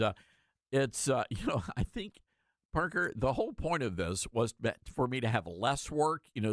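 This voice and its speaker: A male talk radio host giving sarcastic, animated commentary with mocking asides. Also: medium pitch, no echo, clean studio sound.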